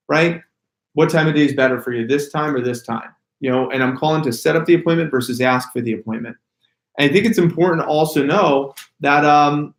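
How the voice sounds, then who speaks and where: A man running a sales training workshop. He talks in a casual, animated way and stresses single words to show how emphasis changes meaning. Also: fairly high pitch, brisk. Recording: echoey room.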